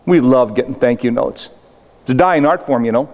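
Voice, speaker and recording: This older man from South Dakota speaks in a mid-range, slightly mellow voice at a moderate pace. As a motivational speaker giving a humorous live keynote, he spins stories with acted-out quotes and punchy asides, and a long hall reverb fills the recording.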